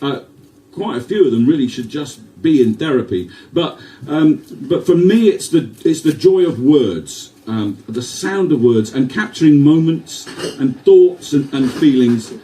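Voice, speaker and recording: A man reads his poems to a live audience and fills the gaps with dry, self-mocking asides. His voice is mellow and warm, and it carries from a fair way off the mic, as in a live venue recording. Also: medium pitch, expressive, a little slow, far from the mic, poor audio. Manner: wry, self-deprecating, swears for laughs. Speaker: performance poet. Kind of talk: live poetry reading with banter.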